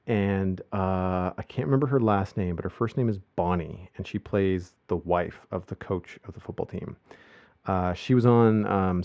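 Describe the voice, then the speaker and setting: A man talks through a casual podcast chat in a lower-pitched voice, wandering from thought to thought and restarting his sentences often. The recording sounds dull and lo-fi, as if the highs were cut off. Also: darkish tone, dry recording. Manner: rambling, with many restarts and fillers. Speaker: podcast host. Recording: muffled lo-fi podcast audio.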